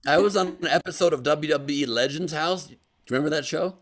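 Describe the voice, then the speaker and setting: A man's voice: a little high, fast talker. A man hosting a casual comedy chat show, joking and telling stories. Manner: joking storyteller, acts out voices. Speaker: host.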